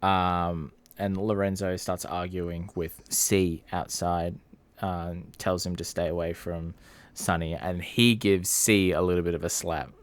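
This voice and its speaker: A man's voice: low voice, fairly even intonation, measured pace, few pauses. A man co-hosting a film review podcast, recapping the plot in an easygoing way and glancing at his notes. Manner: laid-back, with fillers and small restarts, checking his notes. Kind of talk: casual film recap chat.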